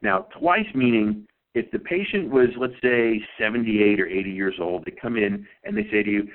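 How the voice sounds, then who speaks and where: A man's voice: lowish voice, expressive, a little fast, few pauses. A man, a guest consultant on a podcast, explains things emphatically and repeats key points as he teaches. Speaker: guest chiropractic billing consultant. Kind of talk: instructional podcast talk. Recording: tinny phone-like line.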